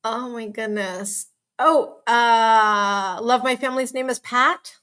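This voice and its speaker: A woman hosting a casual live chat, reading out viewer comments in a bubbly, hyper, chatty way with quick asides and laughs. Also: a little high, fairly even intonation, pushed and bright. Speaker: live stream host. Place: home.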